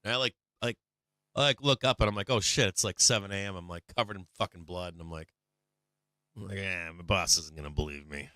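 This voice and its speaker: A man's voice: on the low side, steady tone, fast talker, bright, forceful tone, no echo, studio quality. A man hosting a live stock market stream, telling a rambling, profane story with lots of fillers between market remarks.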